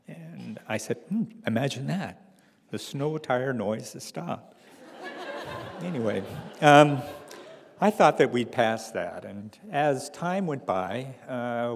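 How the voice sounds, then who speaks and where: A middle-aged man telling a personal story to an audience in a wry, halting way, with restarts and fillers. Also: medium pitch, gravelly, in a large hall.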